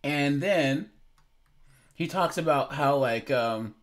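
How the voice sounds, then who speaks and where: Host, young adult man, slightly high voice, unhurried incredulous commentary with frequent laughs. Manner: amused, incredulous, laughs between lines. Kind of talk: casual reaction commentary.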